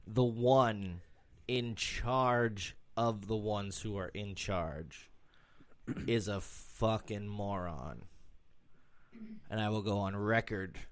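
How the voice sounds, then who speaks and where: A man's voice: fairly low pitch, smooth, no room sound. A man co-hosting a podcast in casual chat, sarcastic and swearing freely. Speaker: podcast co-host.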